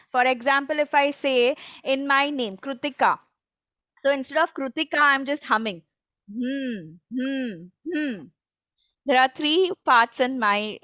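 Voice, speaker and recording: A woman's voice: sits high, fairly bright tone, no echo, highs cut off. A woman training teachers on a video call, patient and encouraging, often checking that everyone follows.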